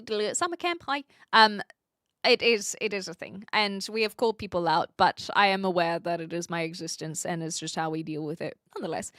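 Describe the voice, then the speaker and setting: A woman's voice: medium pitch, fairly bright tone, no room sound, clean studio sound. A young woman with a New Zealand accent, chatting casually with viewers on a livestream and laughing often. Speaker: streamer. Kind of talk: casual chat reading viewer messages.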